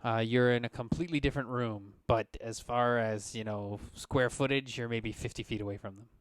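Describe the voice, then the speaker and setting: A man's voice: medium pitch, steady tone, fairly quick, no room sound. A man acting as game master, narrating scenes and speaking for council members and guards.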